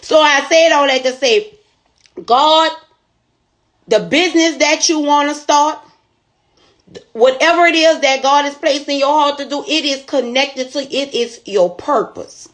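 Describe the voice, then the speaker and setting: A woman's voice: high voice, measured pace. A woman store owner telling a motivational testimony in a folksy, preachy storytelling way.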